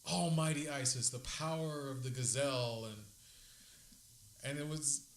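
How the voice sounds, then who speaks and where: A man's voice: medium pitch, steady tone, a little hiss or hum. Eager, nostalgic man in an echoey room. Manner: enthusiastic, nostalgic, fast bursts. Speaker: podcast co-host. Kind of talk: casual chat.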